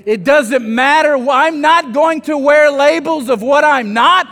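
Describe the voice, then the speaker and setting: Pastor from south louisiana, very high voice, funny self-mocking storyteller, long hall echo with soft music under it. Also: male voice, a little slow. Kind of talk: sermon.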